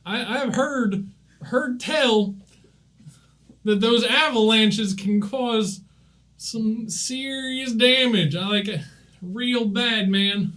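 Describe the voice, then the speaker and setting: Folksy drawling adventurer, a man putting him on, high voice, bluffing. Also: extremely slow, a bit bright, exaggerated voice.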